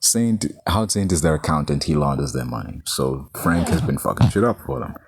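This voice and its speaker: Brief: deep-voiced male reviewer, loose and profane, dry close sound. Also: lively intonation, a little fast, husky, no echo. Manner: rambling, profane, heavy use of "like". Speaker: movie reviewer. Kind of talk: casual film review.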